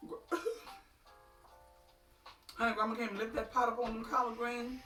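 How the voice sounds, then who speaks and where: A middle-aged woman telling funny stories in an animated, folksy way, calling her listeners honey and child. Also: a little high, normal speed, long pauses. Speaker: storyteller. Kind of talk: comic storytelling. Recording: echoey room, distant mic, faint music.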